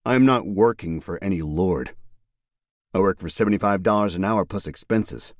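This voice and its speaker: A man's voice: sits low, moderate pace, no echo, studio quality, lightly acted. A man voicing a sarcastic, tough male private detective who talks in a blunt, wisecracking way. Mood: sarcastic angry.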